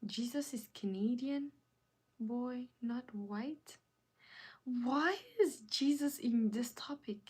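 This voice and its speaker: A woman hosting a live stream in casual chat, reading viewer comments aloud and putting questions back to the chat. She swings from loud calls to the audience down to soft, near-whispered asides. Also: a little high, slow pace, slightly rough.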